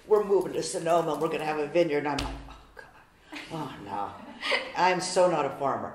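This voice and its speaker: An older woman telling her personal story in a heartfelt, chatty way during a church interview. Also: sits low. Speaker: parishioner. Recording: roomy church echo.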